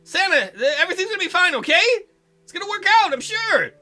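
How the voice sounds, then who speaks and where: A man's voice: very high-pitched, sing-song, fast talker, bright, forceful tone, soft background music, voice pushed up, full character voice. A man reading the lines of an earnest young male college student in a visual novel, pleading and reassuring. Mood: urgent.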